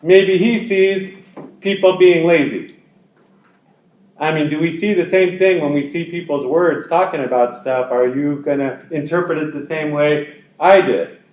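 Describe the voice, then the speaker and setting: A man's voice: fairly high pitch, unhurried, a little mellow, echoey room, rough recording. A man teaching a college class, explaining in a conversational way with everyday examples and asides. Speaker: college instructor. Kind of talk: lecture.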